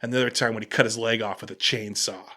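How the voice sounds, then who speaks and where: A man hosting a casual podcast, telling an animated story and restarting his sentences often. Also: fairly low pitch, fast. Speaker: podcast host.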